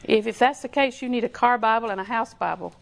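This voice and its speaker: Folksy woman preacher with gravelly voice. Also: fairly high pitch, fast. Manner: folksy storytelling with repetition. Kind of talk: sermon.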